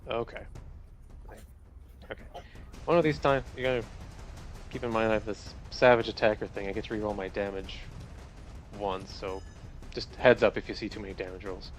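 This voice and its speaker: Low-voiced man thinking aloud at the table. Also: steady tone, soft background music. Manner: halting, thinking aloud over game rules. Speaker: player. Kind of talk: casual table talk.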